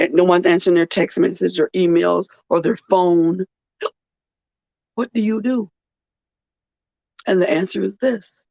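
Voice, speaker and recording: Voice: medium pitch, creaky, darkish tone, dry recording. A podcast host, tired and earnest, speaking in a personal heartfelt monologue and repeating phrases for weight. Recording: dull, muffled dry recording.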